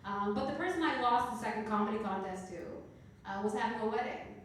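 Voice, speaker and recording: A woman in her thirties from Canada doing a stand-up comedy set, telling stories with deadpan, dark punchlines. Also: on the high side, a little fast, slight background noise. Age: 30s. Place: comedy club stage. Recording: echoey club room heard from a distance.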